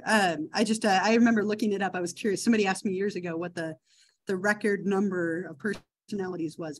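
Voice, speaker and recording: A woman in her thirties lectures a psychology class in an easy, chatty way. She keeps checking in with "right?" and fills pauses with "uh" and "um" as she tells a case story. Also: mid-range voice, low-quality recording. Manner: chatty, many fillers and "right?" asides. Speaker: psychology instructor.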